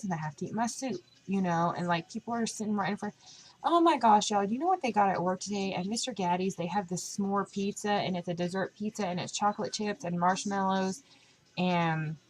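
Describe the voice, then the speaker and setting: A young woman chatting casually on a diet vlog, full of fillers and animated retellings of what others said. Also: lowish voice, rough recording. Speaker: vlogger.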